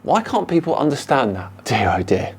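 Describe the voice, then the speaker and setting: A man with a British accent, calmly and sarcastically answering viewer comments as a channel host. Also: mid-range voice, normal speed, breathy edge. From United Kingdom. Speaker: YouTube science debunker host.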